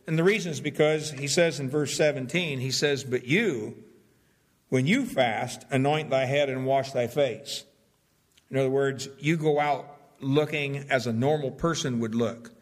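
A man's voice: a little high, a bit bright. A pastor preaching a sermon, stressing key words and restarting phrases as he explains a passage.

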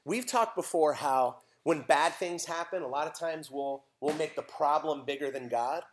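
Pastor guy preaching, animated storyteller, kinda high voice, does little voices. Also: normal speed, a little hiss or hum. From United States. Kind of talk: sermon.

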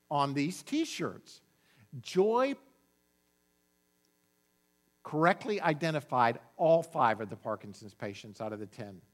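Animated man preaching a sermon. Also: a little high. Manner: animated storytelling with asides and jokes. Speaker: pastor.

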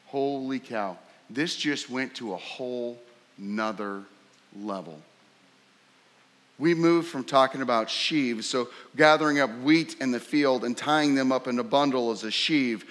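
A man preaching a sermon, emphatic and fond of rhetorical questions, sometimes jumping sharply higher to act out a scornful voice. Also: a little slow, a bit bright. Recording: long hall reverb.

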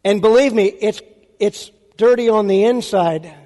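A man's voice: high-pitched, measured pace, dark tone. A man preaching a sermon as a pastor, emphatic and full of rhetorical questions to the audience. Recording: long hall reverb.

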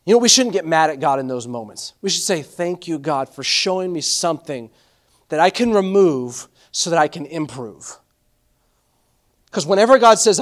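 A male pastor preaching a sermon, animated, acting out quoted voices and often restarting his phrases. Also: sits high.

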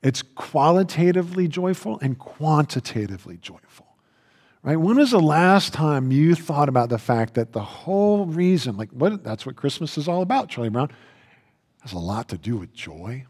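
A man preaching a sermon in a conversational, earnest way, often restarting his sentences and lifting his pitch for emphasis. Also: sing-song, moderate pace, a little mellow, breathy edge, in a large hall. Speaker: pastor.

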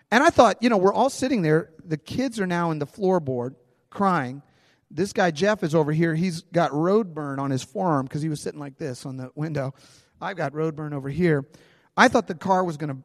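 A pastor telling a personal story in a sermon, conversational and animated, in a large church hall. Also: male voice, on the high side, studio quality.

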